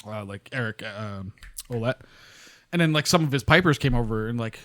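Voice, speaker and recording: A man co-hosting a podcast in a relaxed casual chat, laughing along. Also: mid-range voice, moderate pace. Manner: laid-back, laughs along. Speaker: podcast co-host.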